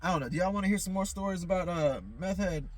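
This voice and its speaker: A man's voice: high-pitched, fast talker, slight background noise. A man telling a heated, profanity-laden story, rambling with fillers, while sitting in a car at night. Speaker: vlogger. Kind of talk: casual storytelling to camera. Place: inside a parked car at night.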